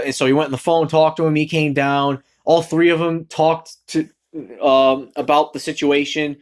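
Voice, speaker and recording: A man's voice: a little high, fairly even intonation, a little slow. A young man telling a rambling story about his job on a vlog, often losing his thread and correcting himself, swearing freely. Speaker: vlogger.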